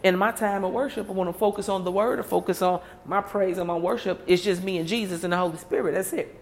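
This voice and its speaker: A woman's voice: medium pitch, fairly even intonation, quick pace, vocal fry, darkish tone. A woman vents playfully to her audience, piling up rhetorical questions and breaking into laughter along the way. Her voice sits in the middle of the range and carries a long, lingering reverb, as if she is in a large hard-walled space. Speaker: vlogger. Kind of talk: casual comedic rant to viewers.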